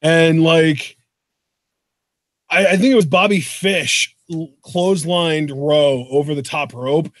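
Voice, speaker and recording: A man co-hosting a show in casual chat, excitable and swearing freely. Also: fairly high pitch, slow, no room sound, studio quality. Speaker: podcast co-host.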